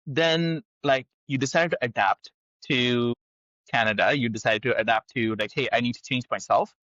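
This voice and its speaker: A man's voice: mid-range voice, normal speed, a bit bright, no room sound. A man hosts a business interview, asking casual questions packed with fillers. His voice sits in a middle register. The recording sounds a little dull and very dry. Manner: conversational, filler-heavy questions. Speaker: podcast host.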